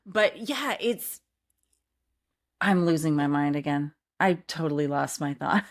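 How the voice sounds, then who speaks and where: A woman's voice: low voice, animated, measured pace. A middle-aged woman co-hosting a podcast in casual chat, an encouraging listener who reacts often. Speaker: podcast co-host.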